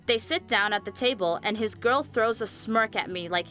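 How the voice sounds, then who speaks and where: Bright young woman narrating a story. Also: a little high, normal speed. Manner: chatty, addresses viewers directly. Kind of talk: scripted animated storytelling narration. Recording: faint music behind the voice.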